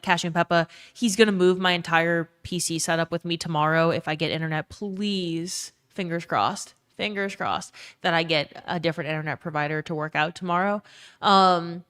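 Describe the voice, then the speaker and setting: Ranting woman streamer, slightly low voice. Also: normal speed, a bit bright. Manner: ranting, profane, reads chat messages aloud. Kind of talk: casual live-stream chat. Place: her own emptied bedroom.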